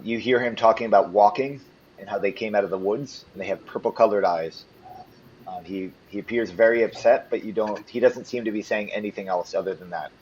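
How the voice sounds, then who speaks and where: Lower-voiced man running a tabletop game. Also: lo-fi sound, a little hiss or hum. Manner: hesitant, full of ums and restarts. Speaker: game master.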